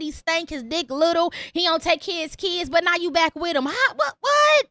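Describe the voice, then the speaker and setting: A woman's voice: very high-pitched, normal speed, hardly any pauses, pushed and bright, no echo, clean studio sound. A woman hosting a call-in podcast, ranting in a blunt, profane way and repeating lines for emphasis. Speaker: podcast host. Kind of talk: opinionated call-in podcast monologue.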